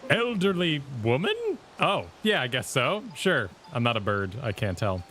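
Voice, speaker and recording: Jokey, animated male co-host. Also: medium pitch, moderate pace. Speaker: stream co-host. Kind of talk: casual game stream chat.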